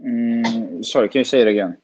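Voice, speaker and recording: A man's voice: medium pitch, fairly quick, noisy background. A man practicing Mandarin as a student, hesitant, repeating phrases with many fillers. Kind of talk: language lesson practice.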